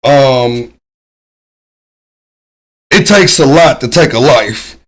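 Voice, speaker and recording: Man calmly commenting on a video. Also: mid-range voice, very slow, low-quality recording. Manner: thoughtful, hesitant, many ums. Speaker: reaction video host. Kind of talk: casual commentary.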